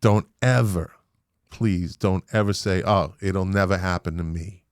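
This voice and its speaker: Boston guy hosting a podcast, lowish voice, dry close sound, gets loud and emphatic. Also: unhurried, clear, resonant tone, dry recording. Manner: animated, emphatic, swears casually. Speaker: podcast host. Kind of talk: casual interview chat.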